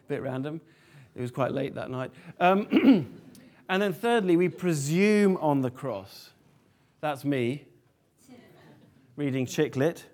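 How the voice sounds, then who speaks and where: A man preaching a sermon to a family congregation, lively and animated, often asking the room questions. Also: a little high, slow pace, pauses often.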